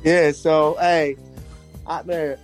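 A man's voice: a little high, little pitch movement, very slow, soft background music. A man hosting a casual chat podcast, talking in a laid-back, slangy way with friends. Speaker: podcast host.

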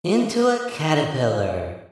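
A man voicing an eerie, childlike masked girl creature with a soft, hushed voice. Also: a little high, huge pitch swings, measured pace, heavy reverb, voice pushed up.

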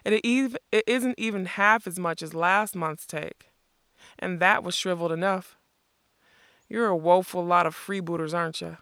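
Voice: mid-range voice, moderate pace, fairly bright tone, smooth, no echo, studio quality, lightly acted. A reader voicing a fat, greedy, pompous male mayor who complains and blusters, in a storybook reading. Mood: complaining.

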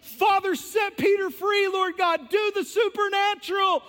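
A man's voice: very high voice, completely flat delivery, brisk, bright, forceful tone, a little hiss or hum, voice pushed up. A man voicing fervent early church believers, pleading and scoffing in an exaggerated way. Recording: long church hall reverb.

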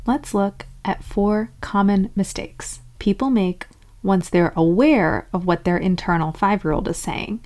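Woman, self-help host, scripted explainer narration, animated quoted asides. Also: mid-range voice, measured pace. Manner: acts out inner-voice examples in lively quoted asides.

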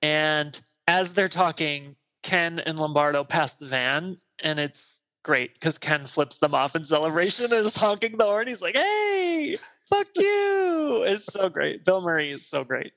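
A man's voice: fairly high pitch, normal speed, hardly any pauses, pushed and bright. A man in his thirties co-hosting a podcast, recapping a film in casual chat and acting out the characters' lines. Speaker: podcast co-host.

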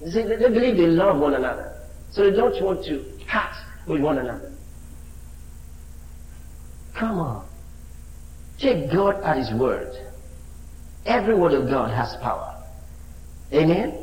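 A male preacher with a high voice that leaps and swoops as he drives home his sermon. He swings from fervent shouting to quiet, low asides, and the sound rings in a reverberant hall. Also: sing-song, unhurried, long pauses.

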